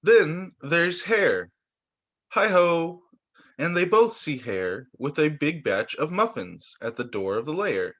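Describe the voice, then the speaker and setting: A male teacher reading picture books aloud to children over a video call, animated and expressive. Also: on the high side, measured pace, few pauses.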